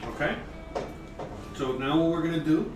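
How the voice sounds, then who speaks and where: A man's voice: a little high, normal speed, roomy sound, music in the background. A man hosting a casual cooking livestream, chatting and explaining each step, cursing now and then. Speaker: cooking show host.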